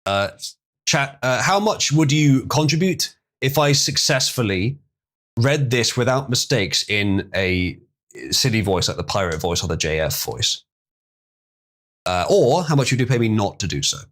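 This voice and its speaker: A man's voice: mid-range voice, sing-song, measured pace, a bit bright. A man casually chatting on a live stream, reading hard terms aloud and stumbling over some words.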